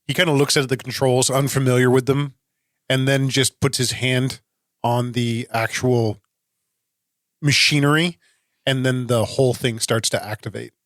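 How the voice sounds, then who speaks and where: A man playing a tabletop game, calmly describing his character's actions. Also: medium pitch, normal speed, no echo, studio quality. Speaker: player.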